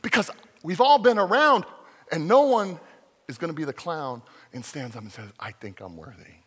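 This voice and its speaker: A man preaching a sermon as a pastor, lively and joking, with acted-out quotes. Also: high voice, normal speed, long reverb tail.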